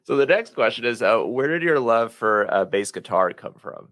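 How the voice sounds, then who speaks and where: A man hosting a podcast interview, asking questions in a relaxed, easy-going way. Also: medium pitch, normal speed, no room sound. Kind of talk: casual interview chat.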